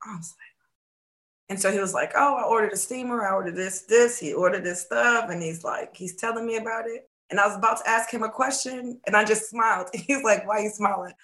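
A woman coaching on faith in a casual podcast chat, telling a lively story and acting out the dialogue, sometimes dropping to a hushed voice. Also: medium pitch, fairly quick. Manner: animated storytelling, acts out quoted dialogue.

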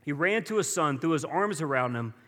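A man's voice: fairly high pitch, lively intonation, fairly quick, a bit bright. Conversational male pastor in a reverberant hall. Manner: conversational, acts out quotes with rising energy. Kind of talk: sermon.

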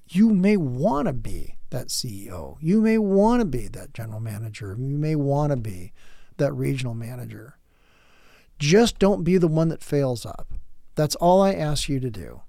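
A man in his late fifties talks through a candid lecture as a podcast host, blunt and earnest, tripping over his words and starting phrases again. His voice sits a little high for a man. The sound is dry and close, with no room around it. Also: warm tone, no echo. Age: late 50s.

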